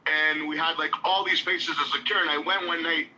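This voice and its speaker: A man with a very bright, slightly high voice tells a rambling, profane story in casual podcast chat. He piles on fillers and acts out what other people said. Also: fairly even intonation, brisk, slight background noise, low-quality recording.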